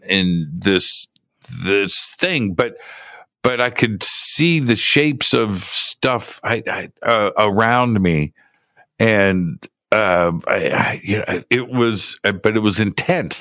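A man telling a personal story in a casual, halting way, often repeating words and restarting. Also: lowish voice, no room sound, muffled recording. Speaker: guest telling a travel story.

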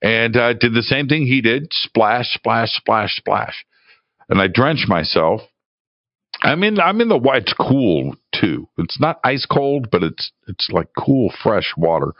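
A man telling a personal story in a casual, halting way, often repeating words and restarting. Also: mid-range voice, big pitch swings, dry recording, muffled recording. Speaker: guest telling a travel story.

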